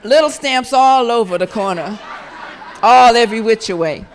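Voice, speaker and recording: A woman being interviewed as an actress and author, telling animated anecdotes with laughter and frequent restarts at a live event. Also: on the high side, moderate pace, some chatter behind. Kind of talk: casual interview storytelling.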